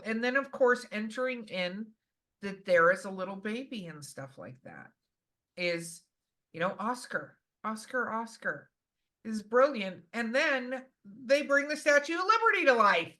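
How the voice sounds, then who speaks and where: A woman co-hosting a podcast, telling stories in an animated, enthusiastic casual chat. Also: fairly high pitch. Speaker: podcast co-host.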